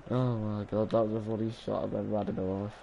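A young man commentating his own live gameplay stream, excitable, swearing and yelling at the game. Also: on the low side, fast talker, vocal fry, highs cut off, a little hiss or hum. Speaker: gaming streamer.

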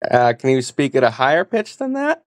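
A woman's voice: extremely low pitch, very animated, fairly quick, no echo. A woman testing a voice assistant, giving short, hesitant commands with frequent "uh". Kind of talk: casual spoken requests.

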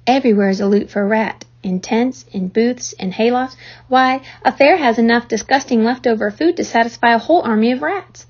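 A woman's voice: on the high side, fairly quick, darkish tone, breathy edge. A woman reading as a coaxing old sheep. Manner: lists things at length, coaxing. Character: old sheep, worldly and persuasive. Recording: dull lo-fi recording.

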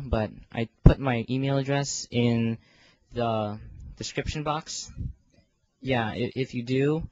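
A man's voice: medium pitch, lo-fi sound. A teenage boy in a casual vlog, rambling and self-deprecating, with lots of fillers and restarts. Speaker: video creator organizing a fan voice series.

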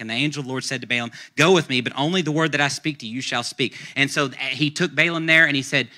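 A male pastor preaching a sermon, retelling a story in a lively, conversational way and acting out the characters' lines. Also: on the high side, quick pace, few pauses. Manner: conversational, uses casual slang.

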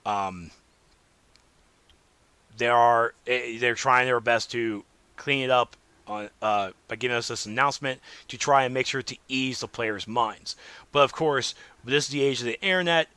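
A man hosting a casual solo gaming podcast, rambling and animated, swinging between loud remarks and muttered asides. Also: mid-range voice, unhurried, clean tone, no room sound. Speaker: podcast host.

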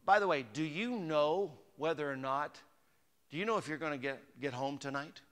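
A male pastor delivers a sermon in a bright, somewhat high voice. He moves between chatty asides to the congregation and emphatic, rising declarations. The sound carries the long reverb of a church sanctuary. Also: moderate pace. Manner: conversational preaching, rising to emphatic peaks.

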